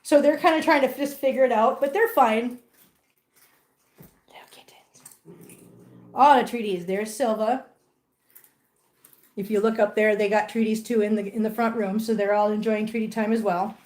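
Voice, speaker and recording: A woman's voice: on the high side, steady tone, moderate pace, a little mellow. Chatty woman baby-talking to cats. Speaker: host of a cat-care livestream. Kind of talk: casual livestream chat. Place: home room with cats.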